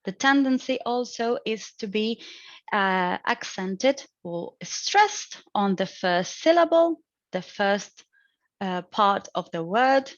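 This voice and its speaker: A young woman student reading out her prepared phonetics presentation for an exam, explaining in a measured way with a few hesitant fillers. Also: medium pitch, expressive, no echo. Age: young adult. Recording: dry, dull lo-fi sound.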